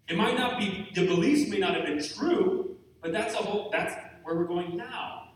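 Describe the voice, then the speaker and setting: A man's voice: high voice, normal speed, recorded from a distance, slight background noise. A man giving a candid, joking and self-deprecating talk to a live group at a retreat. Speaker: retreat speaker. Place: large room with an audience. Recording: echoey hall, mic from afar.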